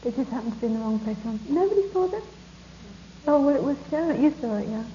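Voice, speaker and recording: A woman teacher giving a spiritual talk to a live audience, telling stories in a soft, reflective and hesitant way. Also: a little high, expressive, quick pace, slight background noise. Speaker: meditation teacher. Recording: echoey, muffled room recording with faint ambience.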